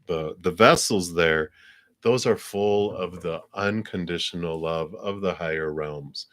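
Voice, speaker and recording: A tarot card reader with a very low, deep voice reads cards on a live stream. His manner is gentle and spiritual, and he chuckles often while drifting through fillers.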